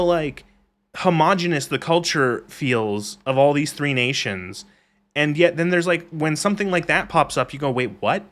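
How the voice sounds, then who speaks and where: A man on a live game stream, ranting in a loose, rambling way and swearing freely as he reacts to chat. His voice sits a little higher than most men's. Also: a bit bright. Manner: rambling, profane, reads chat aloud.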